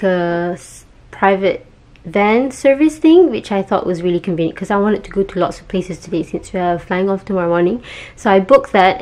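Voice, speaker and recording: A young woman from Malaysia chatting to camera in a casual travel vlog, upbeat and full of quick asides. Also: medium pitch. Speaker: travel vlogger.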